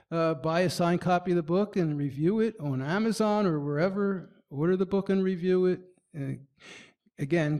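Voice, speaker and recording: Speaking to a small business crowd at a marketing meetup, a man with a fairly high voice gives a lively presentation. He mimics the expressions he's describing and frequently stumbles, going back to start his sentences over, so it all comes across as unscripted.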